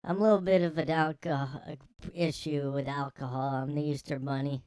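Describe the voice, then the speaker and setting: A man's voice: on the high side, fairly even intonation, a little fast, a little mellow, smooth, voice pushed up, natural voice. A man voicing a foul-mouthed, drunk and bitter male Easter Bunny who swears and rants in self-pity, as a comedy sketch. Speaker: podcast host. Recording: echoey, long reverb room.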